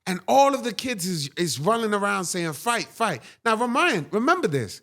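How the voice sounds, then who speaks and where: A man, a guest on an interview show, telling a personal story with dramatic, animated delivery and frequent "right?"s. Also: sits high, a little fast.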